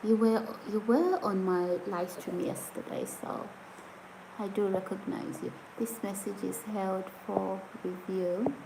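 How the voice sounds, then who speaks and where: Giggly woman live-streaming, slow chatty talk. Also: mid-range voice, steady tone, creaky, background noise. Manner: giggly, chatty, often breaks into laughter. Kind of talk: casual live-stream chat reading comments. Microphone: phone or camera set on a surface.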